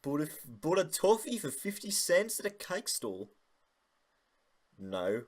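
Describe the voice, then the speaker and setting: A man's voice: fairly high pitch, big pitch swings, measured pace. A young man making a casual vlog, rambling and joking with lots of swearing. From United Kingdom. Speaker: YouTuber.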